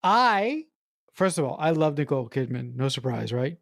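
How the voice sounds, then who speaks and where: A woman's voice: deep voice, big pitch swings, normal speed, creaky, dry recording, studio quality. A woman co-hosting a movie podcast who is also a writer, talking enthusiastically and repeating words as she gathers her thoughts. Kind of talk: casual movie review chat.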